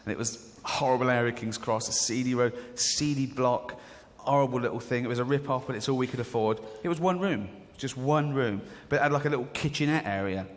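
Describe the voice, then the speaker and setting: Speaking a little fast in a mid-range voice, this man from England works through a stand-up routine, narrating conversationally and performing characters in their own voices. He's on stage in a big theatre, and the recording picks up the hall's reverb along with a faint murmur from the crowd.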